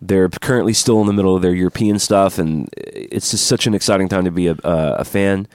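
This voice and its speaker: A man's voice: sits low, clean tone, dry recording, clean studio sound. A man co-hosting a podcast in casual chat, stretching out words like an announcer when he draws prize winners. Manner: animated, drawn-out announcer delivery for prize draws. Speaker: podcast co-host.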